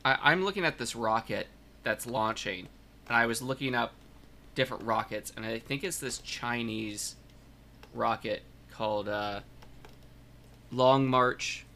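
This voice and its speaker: A man's voice: mid-range voice, slow pace, pauses often, sharp tone. A man co-hosting a comic book podcast, chatting casually and trailing off as he thinks aloud. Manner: musing, trails off mid-thought. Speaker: podcast co-host. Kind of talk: casual chat.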